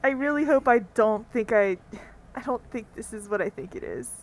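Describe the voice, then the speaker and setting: A woman playing a tabletop game, talking in an anxious, excitable way. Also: a little high, moderate pace, crowd noise, poor audio. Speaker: player.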